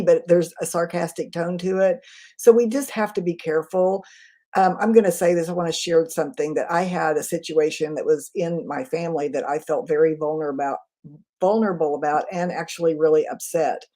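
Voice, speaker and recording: A woman communication trainer in a live webinar, answering chat questions in a quick, conversational way. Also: deep voice, dark tone. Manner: quick, conversational, self-aware.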